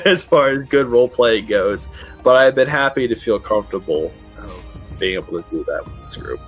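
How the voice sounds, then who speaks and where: Earnest man talking about role-play. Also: fairly low pitch. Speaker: tabletop role-play player. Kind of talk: casual panel chat.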